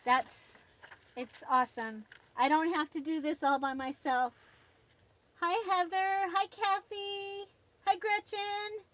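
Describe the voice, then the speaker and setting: Chatty high-voiced woman live-streaming crafts. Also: steady tone, slow pace, a bit bright. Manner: chatty, laughs often, greets viewers by name. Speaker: livestream host. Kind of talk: casual live-stream chat. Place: home craft desk.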